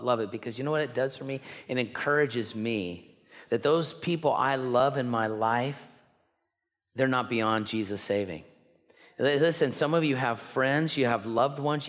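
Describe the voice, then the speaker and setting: A man's voice: medium pitch, fairly bright tone. Man preaching in a reverberant church. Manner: earnest, emphatic preaching with slow stressed words. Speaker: pastor. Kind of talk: sermon. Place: church sanctuary. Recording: long hall reverb.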